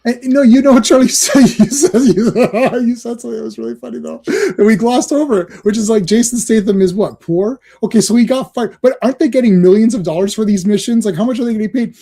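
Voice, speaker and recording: A man's voice: very high voice, fast talker, few pauses, mellow, slightly rough. A man co-hosting a casual online movie chat, rambling with stammered restarts and mocking quoted lines. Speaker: podcast co-host.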